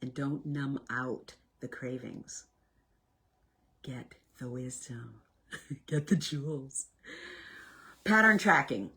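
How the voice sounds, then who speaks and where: A woman with a deep, breathy-edged voice runs a self-help workshop, talking casually to motivate her audience. Animated throughout, she swings from loud bursts to hushed lines close to a whisper.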